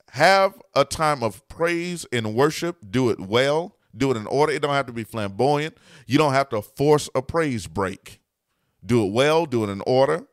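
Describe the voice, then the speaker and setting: A man's voice: medium pitch, dry recording. Emphatic preaching man, dry close sound. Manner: emphatic, repeats key lines for effect. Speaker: pastor and podcast host. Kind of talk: preaching-style podcast talk.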